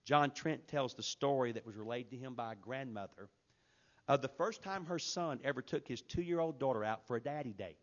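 A man preaching a sermon with emphatic delivery, shifting between loud, forceful passages and hushed, quiet ones. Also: mid-range voice, normal speed, muffled recording. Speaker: pastor.

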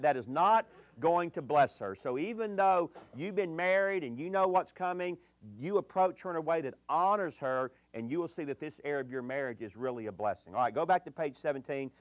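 This middle-aged preacher addresses a crowd on dating and marriage, relating stories with sincerity and going soft and low when things turn sad. His intonation is lively, his pace a bit quick, and there's no echo.

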